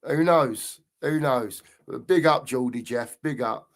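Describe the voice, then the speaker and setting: A man's voice: mid-range voice, a little slow. A man hosting a casual livestream, reading out viewer comments and bantering with them by name. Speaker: host.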